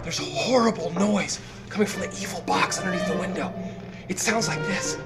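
An actor playing an excitable, childlike grown man raised by elves, talking in an earnest, breathless way in a film scene, with a film score underneath. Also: sits high, fairly quick, creaky, loud music behind the voice. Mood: anxious. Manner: wide-eyed, earnest and breathless. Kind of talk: film dialogue.

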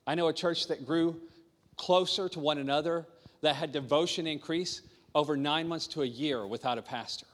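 Speaking in a large hall at a moderate pace, a man with a slightly high voice preaches to a small congregation. As a pastor sharing his testimony, he recounts his own story earnestly and returns again and again to his main points.

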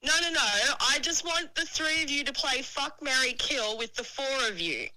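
A woman's voice: sits high, normal speed, sharp tone, no echo, poor audio. A woman calling in to a podcast as a listener, playful and teasing. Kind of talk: casual call-in chat.

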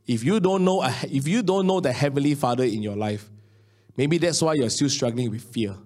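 A man in his late thirties with a Singaporean English accent, preaching a sermon and telling personal stories, swinging between hushed low lines and raised excited ones. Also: brisk. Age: 30s. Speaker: pastor.

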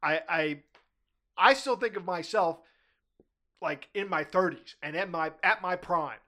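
A man's voice: high voice, measured pace, sharp tone. A man in his fifties hosting a podcast, chatting casually and telling family stories with a chuckle. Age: 50s. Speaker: podcast host. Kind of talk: casual chat.

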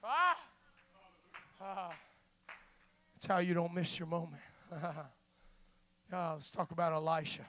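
A man preaching a sermon, moving from slow, quiet talk to loud, impassioned shouting and filling pauses with "uh". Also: on the high side, no echo. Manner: fills pauses with frequent "uh". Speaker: father.

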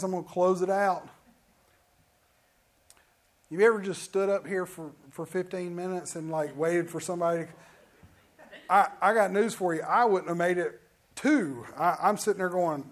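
Pastor with a high-pitched voice, preaching, acts out quotes in his stories. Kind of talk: sermon.

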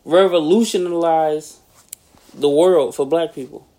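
A man in casual podcast chat, slangy and given to sudden loud animated outbursts. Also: fairly high pitch, slow. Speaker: podcast co-host.

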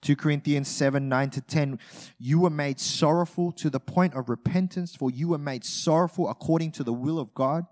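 A man preaching a sermon as a pastor, talking conversationally with humor and acting out short everyday scenes, swinging from loud bursts to quiet asides. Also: fairly high pitch, normal speed.

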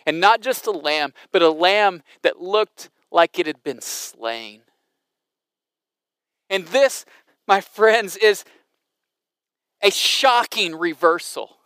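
A man's voice: high-pitched, takes it slowly, pauses often, fairly bright tone, smooth, no echo, studio quality. A man preaching a sermon in an emphatic, dramatic way, with frequent restarts. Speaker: pastor.

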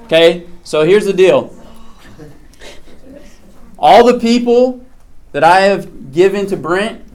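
A man leading an interactive Bible lesson for a live group, in a conversational way that keeps checking in with "okay?". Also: high-pitched. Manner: speaks to a live group in the room. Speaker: Bible teacher.

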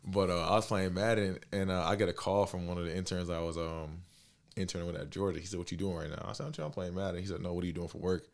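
A young man in his twenties, telling a story in a casual chat, slangy and animated, acting out the dialogue. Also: deep voice, fast talker, creaky. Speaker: podcast guest.

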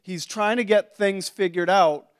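A man's voice: high voice, measured pace, clean tone. A man preaching a conversational sermon to a congregation, with asides and restarts. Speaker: pastor.

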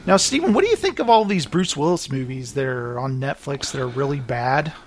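A man chatting casually as a podcast host, animated, laughing often and acting out quotes. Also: medium pitch, brisk. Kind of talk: casual chat.

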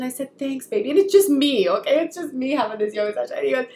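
A woman's voice: sits high, fast, creaky, a little mellow. A woman co-hosting a podcast, telling a story in casual chat and acting out the voices she quotes. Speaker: podcast co-host. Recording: roomy echo, faint ambient noise.

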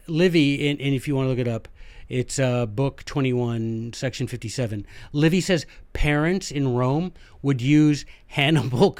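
A man with a Southern American accent, hosting a podcast and telling a history story in a casual, animated, folksy way, talking straight to his listeners. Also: medium pitch. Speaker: podcast host.

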